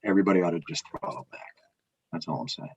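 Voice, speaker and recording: Male co-host, low voice, emphatic and animated delivery, lo-fi dull recording. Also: fast, vocal fry, a little hiss or hum. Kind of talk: casual news chat.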